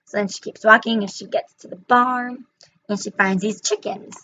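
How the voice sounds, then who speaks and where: A woman's voice: medium pitch, steady tone, moderate pace, bright, forceful tone. A young woman retelling and reviewing a children's book in a chatty way, with frequent fillers, on a slightly muffled recording.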